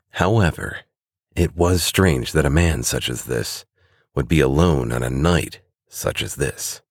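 Male storyteller with a very deep voice, even and deliberate narration, dry close recording. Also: gravelly, no echo. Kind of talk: scripted narration.

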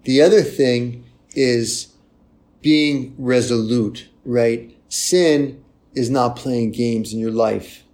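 Gravelly-voiced man preaching a lively sermon. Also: medium pitch, takes it slowly. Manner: lively and conversational, often tagging "right?".

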